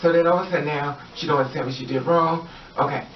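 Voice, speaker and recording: With a fairly high, steady voice, this vlogger talks fast while telling a casual story. He rambles and repeats, using many fillers and acting out other people's words. The recording sounds distant, roomy, and dull lo-fi, with slight background noise.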